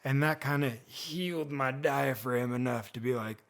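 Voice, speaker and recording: A young man hosting a comedic storytime vlog, telling a story with animated, acted-out moments. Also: medium pitch, normal speed. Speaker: storyteller host.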